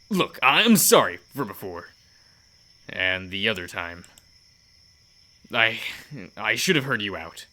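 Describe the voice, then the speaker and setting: A brusque, guarded young biker who curses freely and talks in short, halting bursts, played by a man. The voice sits lowish but comes out bright and hard-edged. It is a figure from a visual novel, read aloud in a game playthrough. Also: exaggerated voice. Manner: blunt, curses, halting apologies.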